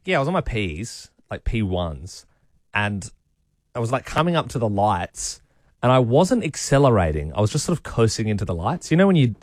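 A man's voice: fairly low pitch, very animated, normal speed, a little mellow, no room sound, clean studio sound. A young adult man, co-hosting a casual radio show and telling stories with easy laughs. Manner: chatty, storytelling, laughs easily. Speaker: radio co-host. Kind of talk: casual breakfast radio banter.

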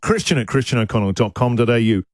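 A man's voice: medium pitch, quick pace, music in the background. A man hosting a casual radio segment, joking and laughing often. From England. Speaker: radio host. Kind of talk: casual breakfast radio banter.

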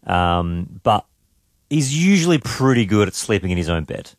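A man's voice: lowish voice, moderate pace, no room sound, clean studio sound. A man, hosting a morning radio show and telling a family story in casual chat. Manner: storytelling, animated quoting of his son. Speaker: radio host. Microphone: studio mic.

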